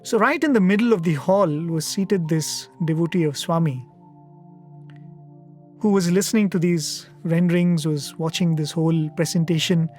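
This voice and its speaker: A man with a somewhat raised pitch tells a devotional story at a satsang, earnest and reflective. He pauses often and leans on small fillers as he goes. Faint music sits far behind his studio-recorded voice. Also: darkish tone. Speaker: satsang speaker. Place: media centre studio.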